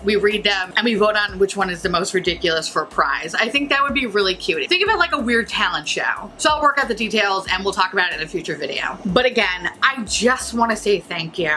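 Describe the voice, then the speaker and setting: A woman's voice: medium pitch, sing-song, brisk, sharp tone, a little hiss or hum, poor audio. A woman hosting a makeup review vlog from home, chatting in a goofy, rambling way and swearing freely. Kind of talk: casual vlog chat. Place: home, early morning.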